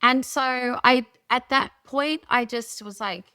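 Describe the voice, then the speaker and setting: A middle-aged woman with an Australian accent, telling a personal story as a guest on a podcast call in a lively, rambling way. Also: a little high, slow pace, smooth, no echo. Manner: animated, rambling storyteller who acts out her own past thoughts. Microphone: remote call.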